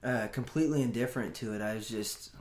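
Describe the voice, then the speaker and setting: A man's voice: mid-range voice, quick pace, darkish tone, reverberant. A man from California chatting casually as a guest, hesitant with frequent restarts and easy laughs. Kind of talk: casual chat.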